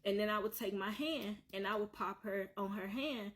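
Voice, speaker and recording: A woman's voice: medium pitch, moderate pace. A woman telling her own painful story on a vlog, earnest and repetitive, circling back to the same points. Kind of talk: emotional personal storytelling.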